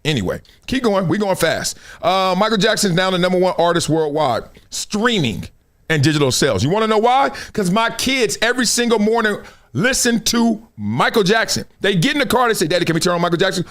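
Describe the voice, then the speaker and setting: A middle-aged man hosting a live sports and culture stream, talking in loose slang with loud bursts and low asides. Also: brisk. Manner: animated, slangy, jumps between loud bursts and low mutters. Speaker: show host.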